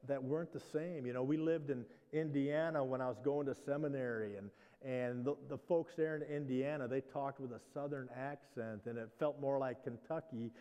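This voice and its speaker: Conversational pastor preaching in a reverberant hall. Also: male voice, mid-range voice, warm tone, clear, resonant tone, highs cut off. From Midwestern United States. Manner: conversational, with frequent restarts and "you know". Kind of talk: sermon.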